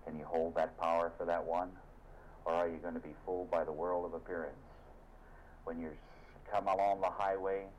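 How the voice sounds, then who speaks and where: A man preaching a sermon as a minister, telling stories with fervor and sudden swings of loudness. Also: deep voice. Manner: fervent, dramatic storytelling with shifts of loudness. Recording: dull lo-fi recording with faint hiss.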